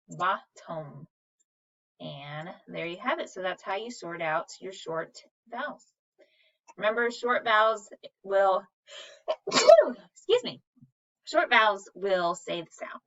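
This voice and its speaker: In a dull, slightly distant recording, a woman teacher with a mid-range, somewhat bright voice gives a recorded reading lesson. She patiently sounds out words syllable by syllable.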